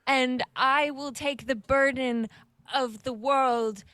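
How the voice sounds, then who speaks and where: A noble warrior vowing to shoulder every burden, as a woman plays him at a game table. He speaks slowly and solemnly, with a slightly raised, declaiming voice. The sound is dry and close. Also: high voice, fairly even intonation, pushed and bright, no echo, exaggerated voice. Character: noble self-sacrificing male warrior.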